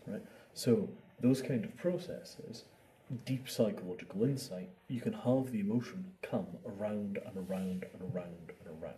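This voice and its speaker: Speaking at an ordinary pace in a mellow, somewhat low voice, a male meditation teacher talks informally about the practice. He performs inner thoughts and repeats words to make his points, recorded from afar with faint ambient sound.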